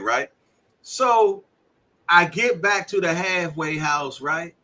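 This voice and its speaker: A middle-aged man hosting a podcast, chatting casually and telling animated stories full of acted-out quotes and laughter. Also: fairly high pitch, normal speed. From Washington, D.C. area. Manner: animated storyteller, acts out quoted voices, laughs often. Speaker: podcast host. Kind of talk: casual storytelling chat.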